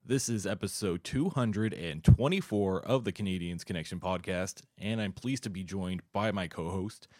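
A man hosting a sports podcast, chatting casually and warmly with many fillers. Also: deep voice, moderate pace, few pauses, no room sound, studio quality. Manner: friendly, chatty, with frequent uh fillers. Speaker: podcast host.

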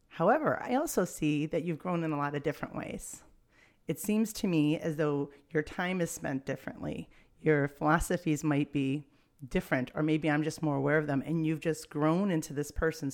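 A woman's voice: sits low, a little mellow. A woman interviewing a guest in an encouraging, reflective way. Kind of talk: casual interview.

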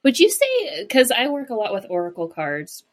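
A woman co-hosting a podcast, enthusiastic and expressive in casual conversation, often laughing. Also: on the high side, normal speed. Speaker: podcast co-host.

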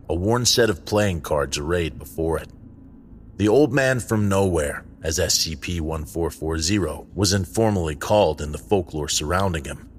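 Deep-voiced man narrating a story. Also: slight background noise. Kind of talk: scripted narration.

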